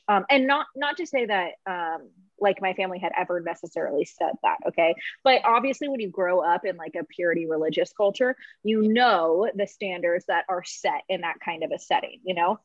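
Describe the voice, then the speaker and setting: A woman's voice: mid-range voice, moderate pace, no echo, dull audio. Emotional woman telling her story. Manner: emotional, laughing through tears, many fillers. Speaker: podcast guest. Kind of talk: candid personal storytelling.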